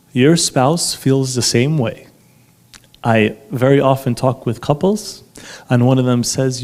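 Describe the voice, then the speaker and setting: Lively animated male counselor. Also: a little high. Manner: animated, emphatic, asks the audience for agreement. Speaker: marriage counselor. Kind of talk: live talk to an audience.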